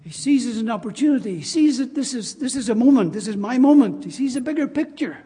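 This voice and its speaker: A man delivers a church sermon in a high, mellow, slightly husky voice. He stresses and repeats his main points with emphatic rises and drops. The sound carries a long reverb from the church hall. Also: animated, fast. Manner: emphatic, repeats key phrases. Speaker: preacher.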